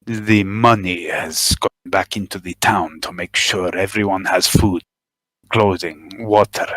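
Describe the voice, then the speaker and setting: A man voicing a calm, measured town boss. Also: deep voice, dry recording, pitched below the performer's own voice. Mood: reassuring.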